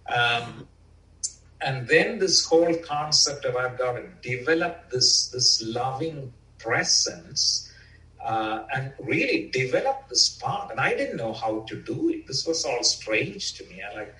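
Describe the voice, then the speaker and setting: A man's voice: medium pitch, sing-song, a little slow, bright, forceful tone. A man telling a group his personal story in an earnest, reflective way, with casual fillers. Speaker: speaker sharing a personal story. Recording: roomy, from far off.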